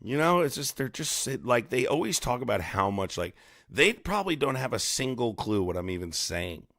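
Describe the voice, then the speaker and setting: A man's voice: medium pitch, very animated, moderate pace, creaky, a bit bright, dry recording, studio quality. Profane, mocking streamer man. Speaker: live streamer host. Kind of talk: casual ranting livestream commentary.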